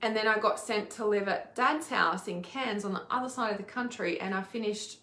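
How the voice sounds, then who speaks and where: A woman's voice: medium pitch, brisk, bright, forceful tone, roomy sound. A woman, an intuitive healer talking candidly to camera, swearing freely and with emphasis. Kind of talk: casual personal video talk.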